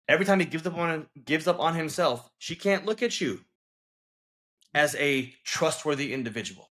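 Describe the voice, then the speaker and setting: Bright-voiced man coaching emphatically. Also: a little high, moderate pace. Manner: emphatic, coaching, keeps checking in with "okay?" and "right?". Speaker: guest, relationship coach. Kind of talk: earnest interview talk.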